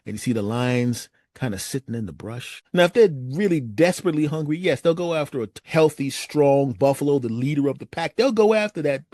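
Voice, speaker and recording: A man's voice: mid-range voice, lively intonation, brisk, hardly any pauses, darkish tone, dry recording. A man doing stand-up, telling stories in a conversational way and talking straight to the audience. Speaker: stand-up comedian. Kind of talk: stand-up storytelling.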